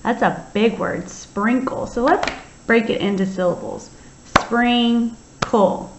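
A woman teaching young children to write, slowly sounding out letters and words one at a time in a patient, encouraging way. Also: medium pitch, background noise. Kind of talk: early-grade writing lesson. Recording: slightly dull, lo-fi sound.

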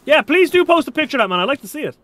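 A man streaming a survival game, chatting casually and excitably, with frequent swearing. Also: very high-pitched, very fast, dry recording. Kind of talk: casual live-stream commentary.

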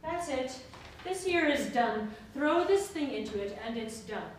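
An actress plays a weary woman who states things flatly and with resignation. Her voice is fairly high. She is heard from a distance in a very reverberant theater with a faint hiss behind her. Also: measured pace. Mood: resigned. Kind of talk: stage play reading. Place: theater stage. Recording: echoey stage from far off, faint noise.

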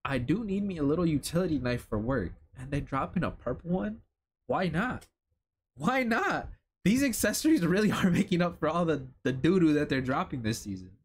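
A young man from Chicago talking casually and excitedly, with lots of slang and swearing, as he reacts to new streetwear items. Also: a little high, quick pace, hardly any pauses, breathy edge. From Chicago, United States. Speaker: streetwear vlogger. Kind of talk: casual commentary while browsing a lookbook.

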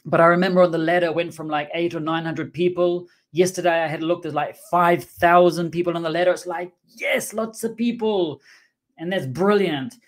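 A man's voice: a little high, fairly even intonation, a little fast, hardly any pauses. A man hosting a casual livestream for a game studio, talking in a playful, joking and rambling way.

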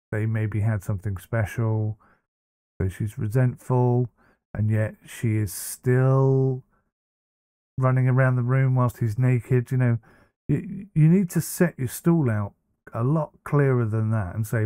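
A man's voice: mid-range voice, unhurried, dark tone, clean tone, no echo, clean studio sound. A man hosting a reaction commentary, talking bluntly and casually with many fillers and restarts. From United Kingdom. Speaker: commentary host.

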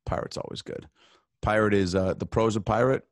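As a podcast guest, the comedian spins loose, rambling bits, cursing frequently and using plenty of fillers in easygoing chat. His fairly low voice holds a steady tone and runs a little fast, in studio-quality audio without echo.

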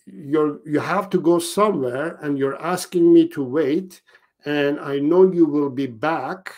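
A pet dog talking to its owner in plain, conversational words, as a man puts it on. The voice sits a little higher than usual and speaks the dog's thoughts aloud. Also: unhurried, darkish tone. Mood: calm, reassured.

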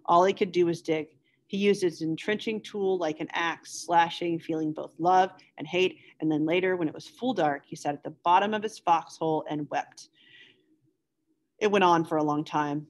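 A woman teacher reading a novel aloud to students in a measured, steady way. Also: lowish voice. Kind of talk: read-aloud novel narration.

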